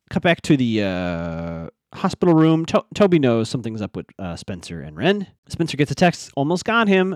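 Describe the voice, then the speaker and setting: A man casually recapping a TV episode as a podcast host, acting out the characters' lines in quick voices. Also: medium pitch, a little mellow, no echo, studio quality.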